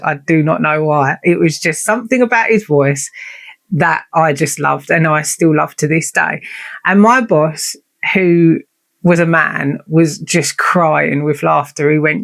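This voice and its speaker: A chatty woman hosts her own podcast and tells a long personal story. She talks in a blunt, sweary and self-mocking way. Her voice has a gravelly fry to it. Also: low voice. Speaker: podcast host. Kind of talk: casual storytelling monologue.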